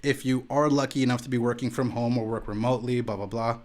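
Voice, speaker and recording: A man's voice: mid-range voice, flat delivery, quick pace. A young man chatting casually on a home live stream, rambling and laid-back, with lots of "like" and "dude". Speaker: streamer and podcast host. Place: home room.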